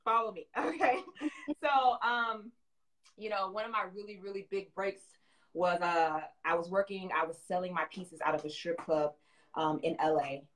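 A young adult woman from the South, telling her story as a guest in a casual interview, animated and quick to laugh. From American South. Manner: animated storyteller, acts out quotes with big jumps up in pitch, frequent laughs. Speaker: guest, fashion designer and brand owner.

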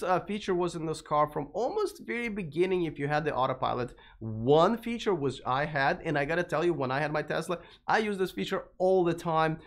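Rambling man hosting a car live stream. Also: fairly high pitch. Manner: rambling, many fillers and restarts. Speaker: host of an electric car channel.

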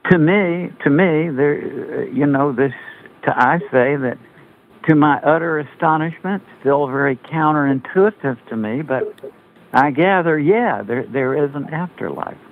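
Older man, halting, over a phone line. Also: on the high side. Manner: halting, repeats words while thinking aloud. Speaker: guest author. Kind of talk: casual interview talk. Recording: tinny phone line with faint noise.

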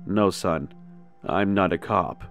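A man voicing a blunt, gruff cowboy stranger in his fifties in a spoken horror story. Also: low voice, slow pace, fairly bright tone, soft background music. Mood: menacing. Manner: blunt, gruff, calls him boy.

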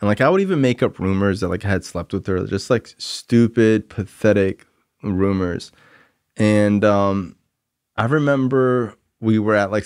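A man's voice: lowish voice, smooth, no echo, clean studio sound. A young man in his twenties hosting a podcast, telling a long personal recovery story in a rambling, candid, self-critical way, full of "like" and "um" fillers. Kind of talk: casual storytelling monologue.

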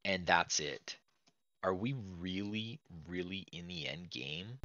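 A man hosting a let's play, chatting to viewers in a chatty, excitable way as he plays an old computer game. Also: deep voice, takes it slowly, no echo, muffled recording. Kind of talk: casual game commentary.

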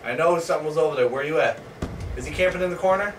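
A man hosting live gameplay commentary, excitable, swearing and yelling at opponents. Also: fairly high pitch, very fast. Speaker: gaming channel host. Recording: distant mic, noisy background.

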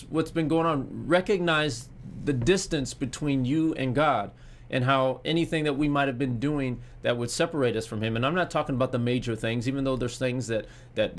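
A man preaching a sermon as pastor, earnest and often repeating words as he goes. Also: mid-range voice. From United States. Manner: earnest, repeats words while searching for them.

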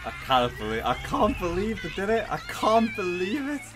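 A man hosting an anime reaction, swearing freely and shouting with disbelief. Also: high voice, huge pitch swings, moderate pace, over music. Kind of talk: reaction commentary.

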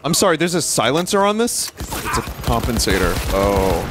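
A man's voice: medium pitch, very animated, normal speed, background noise. A man in his thirties giving casual, joking gameplay commentary to his chat, often swearing. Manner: joking, profane, talks to chat. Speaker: streamer.

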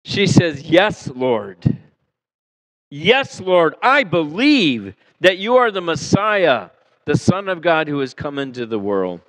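A male pastor preaching a sermon in a church, animated and conversational, acting out the people he quotes and asking his listeners questions. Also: a little high, slow pace, long pauses, low-quality recording. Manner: animated, acts out quoted voices, asks the congregation questions. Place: church sanctuary.

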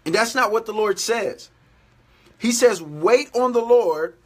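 Male preacher, high bright voice, earnest repetitive devotional exhortation. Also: animated, a little slow. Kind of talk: daily devotional sermon.

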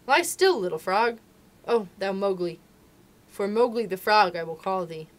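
A woman voicing a fierce, protective mother wolf who speaks in loud, archaic declarations in a storybook reading. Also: mid-range voice, steady tone, a little slow, slightly rough. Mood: tender.

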